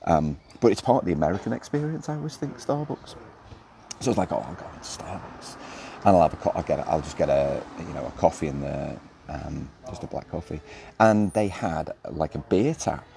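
A man's voice: a bass voice, animated, brisk, creaky, warm tone. A man hosting a casual solo podcast, chatting in a rambling, self-interrupting way while sitting outside a café. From Australia. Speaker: podcast host. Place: outdoors at a street café. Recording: noisy outdoor street recording. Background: street ambience, birds and passing cars.

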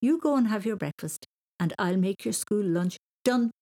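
A woman voicing a busy, cheerful mother of a young boy who speaks briskly. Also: mid-range voice, expressive, dark tone, voice pushed up. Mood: pleased.

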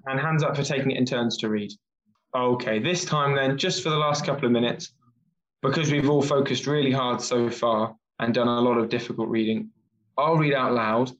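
A man's voice: mid-range voice, steady tone, normal speed, dull audio. Encouraging male teacher on a video call. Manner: encouraging, explains words as he reads. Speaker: English reading teacher. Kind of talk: online class read-aloud.

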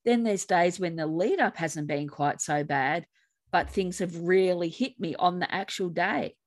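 An Australian woman co-hosting a podcast on grief, her voice sitting somewhat low. She talks calmly and steadily in a measured conversational way. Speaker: podcast co-host, grief coach.

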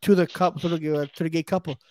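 A man's voice: fairly high pitch, racing. A man co-hosting a podcast in casual chat, telling stories animatedly with plenty of swearing and reading out viewer comments. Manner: animated storytelling, swears, acts out quoted voices. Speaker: podcast co-host.

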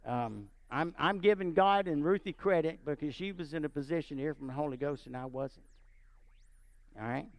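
A man preaching and telling a personal story, animated and often checking in with his listeners. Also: fairly high pitch, normal speed, dry recording. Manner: animated, asks the audience often. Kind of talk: sermon storytelling.

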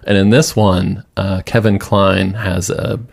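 A young adult man talks loosely through a film discussion, full of fillers and the odd swear. His voice sits low with a lot of vocal fry in it. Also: little pitch movement, a little slow. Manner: rambling, laughing, swearing casually. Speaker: podcast co-host. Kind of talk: casual film discussion podcast.

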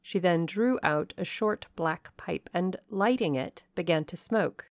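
A woman narrating a classic novel in measured, even audiobook style. Her voice is low and slow with a gravelly fry. The recording is dry and close. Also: no echo. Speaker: audiobook reader.

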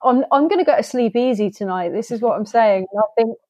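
Woman, higher voice, lively podcast co-host, dry close mic. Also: quick pace, no room sound, highs cut off. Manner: animated, chatty, acts out quoted lines. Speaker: film review podcast co-host. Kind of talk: casual chat.

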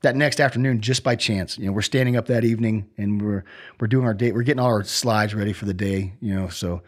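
A man's voice: fairly low pitch, fairly even intonation, fast. A middle-aged man, a former Army sergeant, telling stories in a casual interview, rambling with many fillers and restarts.

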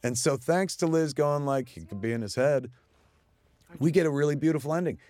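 A man talking through his own film in casual commentary, excitable and swearing often, restarting his sentences as he goes. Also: on the high side, fairly quick, no echo. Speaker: filmmaker giving audio commentary.

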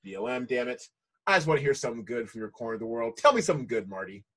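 A man's voice: mid-range voice, big pitch swings, very fast, a bit bright, slightly rough. A man hosting a podcast, playful and hyped, laughing often as he chats. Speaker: podcast host. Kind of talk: casual chat.

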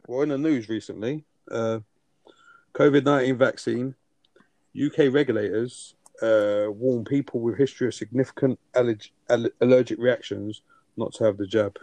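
A man's voice: medium pitch, steady tone, normal speed, mellow, no room sound. A man co-hosting a podcast, chatting casually and teasing his co-host. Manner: banter, swearing, teasing. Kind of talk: casual chat.

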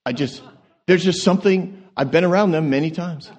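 High-voiced, animated preacher man. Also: moderate pace. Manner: animated, joking storyteller; swings from quiet asides to excited peaks. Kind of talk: sermon.

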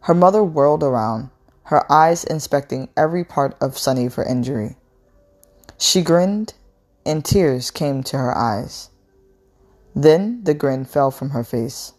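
Slow, low-voiced woman reading a novel aloud. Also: lively intonation, darkish tone, faint music behind. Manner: measured, unhurried reading with small slips.

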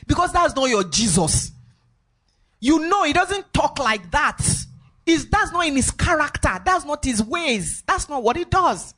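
A woman's voice: high voice, very animated, unhurried, a bit bright. Lady preaching, keeps repeating herself for emphasis, singsongy. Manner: emphatic, repeats phrases, lilting sing-song rises. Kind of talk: sermon.

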